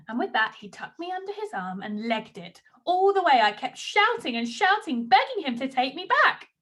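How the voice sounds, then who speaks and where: A woman's voice: high voice, very animated, moderate pace, hardly any pauses, fairly bright tone. A woman reading a storybook aloud, narrating expressively in the first person.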